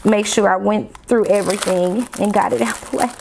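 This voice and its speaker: A woman talks fast and warmly to her viewers while she tests pens at her desk. She gushes and jumps up in pitch with delight, and a faint hiss of room noise sits under her voice. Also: vocal fry. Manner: excitable, gushing, talks to viewers as y'all. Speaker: planner vlogger. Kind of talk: casual unboxing chat to viewers. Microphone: desk camera mic, off camera.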